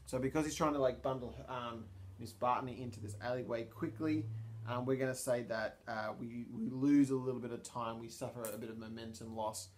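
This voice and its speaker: A man's voice: mid-range voice, fairly even intonation, brisk. A man narrating a solo tabletop game, thinking aloud with many ums and restarts. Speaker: storyteller and player.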